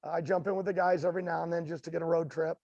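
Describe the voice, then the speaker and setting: An older American man, a racing guest, telling stories in a halting, rambling way with many fillers and restarts. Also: fairly high pitch, level tone, creaky, darkish tone, no echo, muffled recording. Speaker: guest, drag racer. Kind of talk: storytelling interview.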